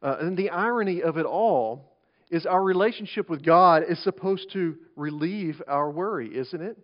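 A man preaching a sermon as pastor, talking conversationally, often restarting phrases and swinging between loud emphasis and quiet asides. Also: high-pitched, normal speed. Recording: dull lo-fi sermon recording.

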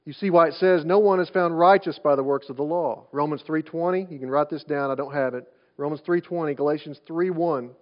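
Male pastor, high voice, conversational sermon full of rhetorical questions; muffled lo-fi recording. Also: a little fast, hardly any pauses. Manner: conversational preaching with rhetorical questions and repeated restarts. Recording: dull lo-fi sound.

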